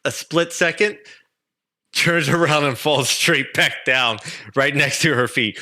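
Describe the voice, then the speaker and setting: A man's voice: fairly high pitch, measured pace. A man narrating a tabletop role-playing game as game master, telling the action with laughs. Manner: animated, laughing storyteller.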